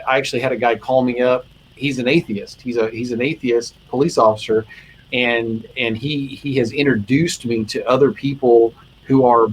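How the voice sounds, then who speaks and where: A man's voice: medium pitch, a little hiss or hum, poor audio. A male chaplain telling heartfelt stories in a casual conversation, earnest and emotional, with lots of restarts. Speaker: guest chaplain.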